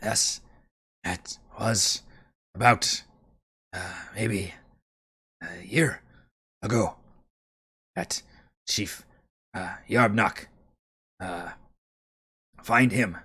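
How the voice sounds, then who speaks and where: A boastful goblin rumbles slowly in short, broken phrases, his voice low and bright-edged, as a man puts him on. He drags out each word with simple grammar and a lot of pride. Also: breathy edge, exaggerated voice. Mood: proud. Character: proud adult male goblin with broken speech.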